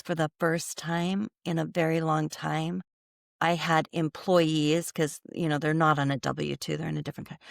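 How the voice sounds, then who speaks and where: A woman's voice: deep voice, creaky, no room sound, clean studio sound. An American woman, a company CEO and podcast guest, telling earnest stories in conversation and acting out bits of dialogue, often restarting her sentences. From United States. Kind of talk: conversational interview storytelling.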